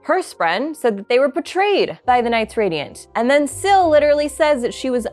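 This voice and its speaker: A woman giving a casual book reaction, chatty and excitable, with lots of fillers. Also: high-pitched, moderate pace, faint music behind. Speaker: book reviewer.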